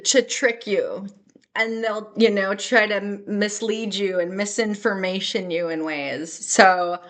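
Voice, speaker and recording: A young adult woman talking in an excitable, rambling way in a personal vlog, laughing and tearing up at times. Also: mid-range voice. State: tearful at times. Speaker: spiritual vlogger.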